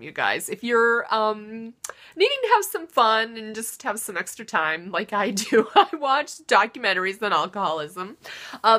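A woman hosting her own comedy show, delivering a self-deprecating monologue that swings between loud mock-dramatic outbursts and muttered asides. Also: mid-range voice.

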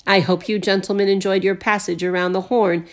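Booming old sea captain in a storybook read-aloud, voiced by a woman, bold and jolly. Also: flat delivery, brisk, close to an everyday voice. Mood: hearty. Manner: booming, hearty.

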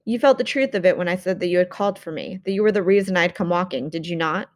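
A woman's voice: on the low side, fast, no room sound, clean studio sound, close to an everyday voice. A woman voicing an ancient, towering yew-tree monster that speaks in a stern, formal, commanding way while reading an audiobook. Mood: probing.

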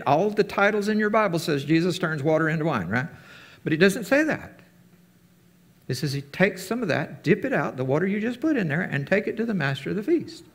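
A man teaching a casual sermon to his fellowship, talking conversationally and acting out the quotes he tells. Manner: conversational, acts out quotes with big pitch jumps.

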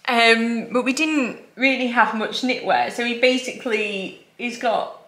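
A woman's voice: on the high side, expressive, takes it slowly, bright, forceful tone. A woman in her thirties, a mum chatting casually and rambling through her morning makeup routine at home. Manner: chatty, rambling, self-deprecating. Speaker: vlogger, mum. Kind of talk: casual get-ready-with-me makeup chat.

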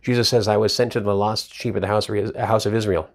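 A man's voice: lowish voice, fairly even intonation, fairly quick. A man teaching from the Bible in a casual, emphatic way, often repeating words as he reads and explains verses. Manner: emphatic, repeats words while reading scripture.

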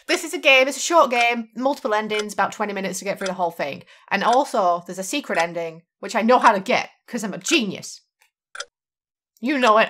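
Bright, excitable young gamer woman. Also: medium pitch, a little hiss or hum. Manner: jokey, excitable and profane. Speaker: let's play gamer. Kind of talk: casual gameplay commentary.

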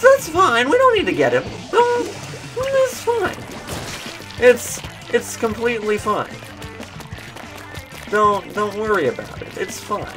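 A young man giving goofy gameplay commentary, slipping into silly meme voices and shouts. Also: high voice. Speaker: gaming YouTuber.

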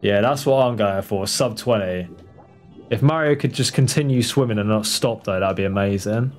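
Excitable man commentating a speedrun. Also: lowish voice, normal speed, faint music behind. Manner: excitable, swears, talks to the game character and chat. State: out of breath when tense. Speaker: speedrun streamer. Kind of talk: live gameplay commentary.

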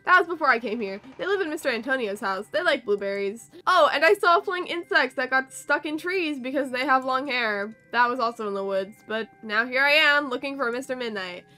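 A woman's voice: sits high, expressive, fairly quick, few pauses, bright, forceful tone. A woman reading an earnest ten-year-old girl. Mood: rambling. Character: frightened ten-year-old girl searching for her cat.

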